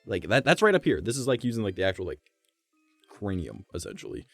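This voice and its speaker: A man streaming from home, chatting casually with a gravelly, vibrating voice, rambling and swearing. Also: sits low, wildly swooping pitch, quick pace, no room sound, faint music behind. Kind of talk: casual live-stream chat.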